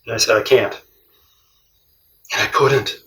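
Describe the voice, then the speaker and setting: A man's voice: medium pitch, measured pace, far from the mic, slight background noise. Laughing man in a roomy space. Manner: animated, laughs often, acts out quoted voices. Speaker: cross-country traveller. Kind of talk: casual storytelling. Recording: roomy, from off-mic.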